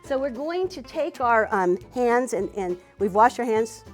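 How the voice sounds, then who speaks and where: Lively, high-voiced woman teaching cooking. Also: a little slow, soft background music. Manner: chatty, warm encouragement of a student, frequent "wee" and "you know". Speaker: cooking teacher and show host. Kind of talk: cooking demonstration.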